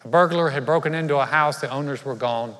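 Pastor preaching in an echoing church. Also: male voice, on the high side, fast talker, a bit bright. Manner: conversational storytelling with humor and asides. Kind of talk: sermon. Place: large church sanctuary. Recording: live church hall reverb.

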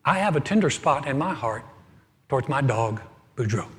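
A middle-aged man preaching as pastor, telling a humorous story with animated swings from loud to soft. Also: mid-range voice, moderate pace. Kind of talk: humorous sermon. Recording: hall reverb.

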